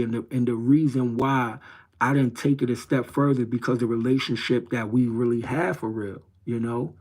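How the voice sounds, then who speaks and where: A man's voice: mid-range voice, dark tone. A middle-aged man from New York City tells a personal story in casual, streetwise speech. He rambles and circles back to repeat his phrases as he talks on his livestream. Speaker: livestream host.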